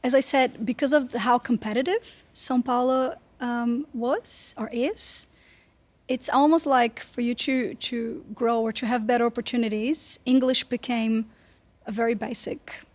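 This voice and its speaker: A woman's voice: on the high side, fairly even intonation, unhurried, a little mellow. A woman from Brazil with a Brazilian accent, chatting as a guest in a casual interview and laughing often. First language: Portuguese. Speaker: guest singer.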